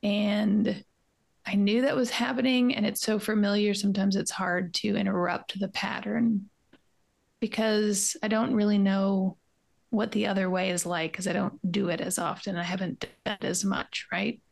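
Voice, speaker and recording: Candid woman with a gravelly edge. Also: medium pitch, steady tone, moderate pace. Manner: candid, self-searching, tender, trails into soft asides. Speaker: podcast co-host. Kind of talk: casual reflective conversation. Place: home art studio.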